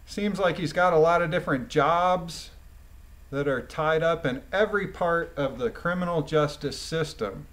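A man's voice: on the high side, moderate pace, a bit bright. A man reading a court transcript aloud and breaking off into incredulous, scoffing commentary.

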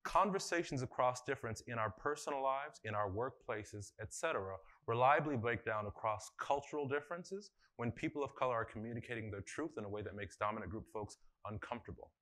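Bright-voiced man leading a workshop. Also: medium pitch, a little fast, hardly any pauses. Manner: conversational, asks the audience questions, many fillers. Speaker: workshop facilitator. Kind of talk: conference workshop talk. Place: conference room before a live audience.

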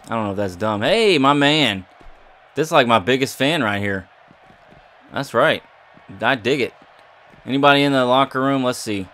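A man's voice: mid-range voice, animated, moderate pace, long pauses, fairly bright tone. Guy doing goofy game commentary, mid voice, jokes around and sasses the characters. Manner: playful, jokey, talks back to the game characters. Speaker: gaming YouTuber. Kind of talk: casual gameplay commentary.

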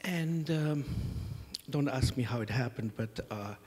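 A middle-aged conference host kicks things off in a conference hall with self-deprecating, funny tales of his family. His voice is medium-pitched and a little mellow, at a measured pace, with big-room sound.

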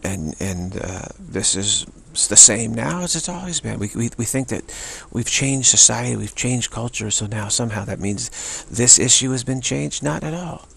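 A man giving an unscripted spiritual talk, halting and repeating words between pauses. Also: mid-range voice, lively intonation, a bit bright, slight background noise. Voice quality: gravelly, husky. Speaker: spiritual teacher.

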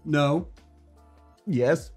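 A man goofing around in online voice chat while gaming, teasing and playful, breaking into sudden squeals and shouts. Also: a little high, very slow, over music. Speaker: gamer and video host.

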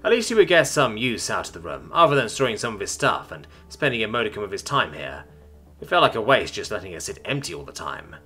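A man narrating a story in a scripted, expressive way. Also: on the low side, fast talker, husky, soft background music.

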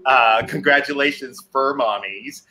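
A man's voice: medium pitch, unhurried, bright, forceful tone, slight background noise. A man hosting a casual online chat show, talking with enthusiasm and reading out viewer comments. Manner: chatty and enthusiastic, reads viewer comments aloud. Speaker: host.

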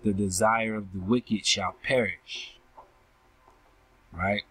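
A man with a lowish, steady, slightly bright and somewhat rough voice reads and explains scripture verses in a dry recording with poor audio. Slow and repetitive, he addresses listeners as family and ends almost every phrase with a questioning "right?" to check in with them.

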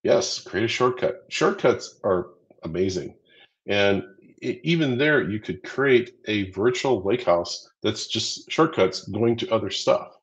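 A man's voice: fairly low pitch, animated, a little slow, muffled recording. A man co-hosting a live training stream, chatty and upbeat as he counts down quiz votes and walks through answers. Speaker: livestream co-host running a quiz. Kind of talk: casual livestream teaching.

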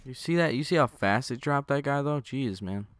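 A man's voice: medium pitch, expressive, moderate pace. A young man giving loose, joking commentary over his own gameplay, swearing and talking to the enemies on screen through a gaming headset. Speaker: gaming channel host.

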